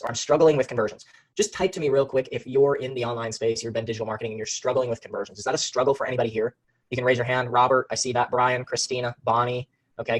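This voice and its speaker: Here the webinar host's mid-range voice sounds slightly rough, and the audio is poor. Teaching online marketing live, the Phoenix, USA man talks with energy to the chat, reads viewers' names, and often loops back to restart or repeat phrases.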